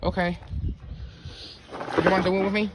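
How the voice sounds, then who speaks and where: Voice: mid-range voice, flat delivery, normal speed, background noise, close to an everyday voice. A performer voicing a whiny, bratty childish boy in a puppet comedy skit. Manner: blunt and bratty.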